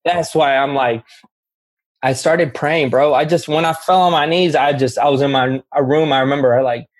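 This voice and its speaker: A man's voice: fairly high pitch, steady tone, normal speed. A man sharing his personal recovery story in candid, emphatic talk. He often says "bro" and restarts his sentences.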